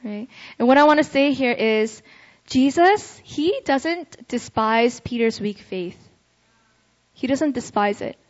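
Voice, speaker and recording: A young woman gives a relaxed, conversational sermon in a fairly high voice, tossing in frequent "right?" check-ins as she talks. The recording sounds a bit dull and lo-fi, with the top end muffled. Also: slow. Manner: chatty, ends phrases with "right?". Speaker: preacher. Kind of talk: casual youth sermon.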